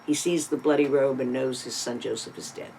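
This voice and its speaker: A Torah teacher gives a sermon, retelling a scripture story with dramatic rises and drops in loudness and pointed emphasis. The speaker slips in casual asides and rhetorical questions along the way. The voice sits in a middle register over a faint background hum. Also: medium pitch, fairly even intonation, fairly quick, creaky, rough recording.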